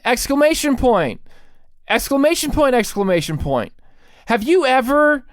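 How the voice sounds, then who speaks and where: Animated ranting podcast man. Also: sits high, no echo, studio quality. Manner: exaggerated, animated ranting with mock panic. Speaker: podcast host. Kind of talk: comic rant.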